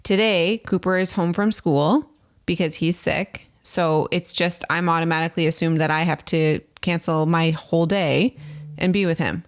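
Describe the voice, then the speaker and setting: A woman's voice: lowish voice, moderate pace. A woman co-hosting a casual couple's podcast, telling a story with lots of quoted back-and-forth and cutting in to keep the floor. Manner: animated storytelling, quoting her partner, interrupting to hold the floor. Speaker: podcast co-host.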